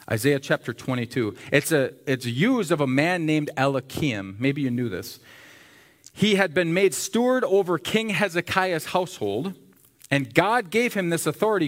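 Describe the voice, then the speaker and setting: A man preaching a sermon to a congregation, speaking conversationally, asking questions and slowing down to stress key words. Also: on the high side. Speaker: pastor.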